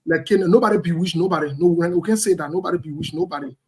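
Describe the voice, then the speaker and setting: A man's voice: high-pitched, fast talker, slightly rough. A man giving heated, blunt political commentary, repeating his points emphatically.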